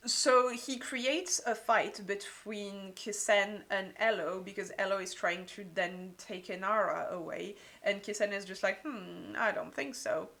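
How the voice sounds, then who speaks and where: A woman's voice: mid-range voice, a bit bright. A woman giving a casual book review, gushing and peppering her talk with "like".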